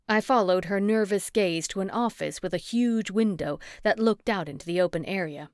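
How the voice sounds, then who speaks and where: A woman reading a first-person cozy mystery audiobook with steady, clear storytelling. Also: medium pitch, moderate pace, few pauses, dry recording, studio quality. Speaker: audiobook narrator.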